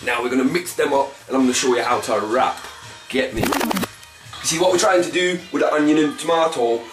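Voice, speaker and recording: A man hosting a comic cooking demonstration in swaggering street slang, with a pitch that keeps jumping around. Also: fairly quick. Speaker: comic cooking show host. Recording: echoey room, mic at a distance, faint music.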